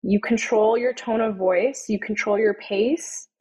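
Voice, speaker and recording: A young adult woman speaking as an interview guest, telling stories and explaining vocal habits in a relaxed, chatty way, with many "you know" and "like" fillers. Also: medium pitch, measured pace, poor audio. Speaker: guest, tone-of-voice consultant. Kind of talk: casual conversational interview.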